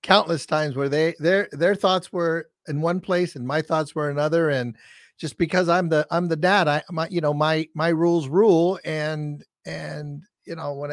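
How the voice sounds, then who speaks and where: A man's voice: fairly high pitch, fairly even intonation, moderate pace, no echo, clean studio sound. A man hosting a casual interview podcast, talking enthusiastically with plenty of restarts. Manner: enthusiastic, with many fillers and restarts. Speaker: podcast host.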